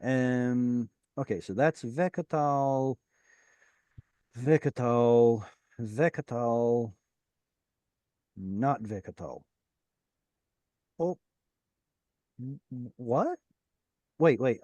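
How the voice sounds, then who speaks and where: Male teacher, patient and encouraging, dry close sound, average pitch. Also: darkish tone, no echo. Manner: patient, explains and encourages students. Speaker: Hebrew teacher. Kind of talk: online class teaching. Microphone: video call.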